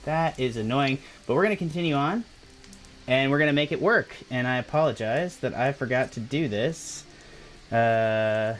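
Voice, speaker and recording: A man's voice: medium pitch, normal speed, soft background music. A man running a tabletop horror game on a live stream, talking casually, apologizing often and restarting his sentences. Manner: rambling, apologetic, lots of restarts. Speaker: game master.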